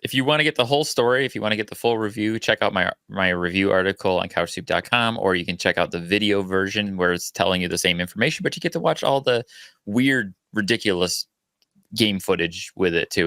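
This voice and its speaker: A man hosting a game podcast, relaxed as he plugs his review and moves the show along. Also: low-pitched, fairly quick, smooth, dry recording, clean studio sound. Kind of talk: casual chat.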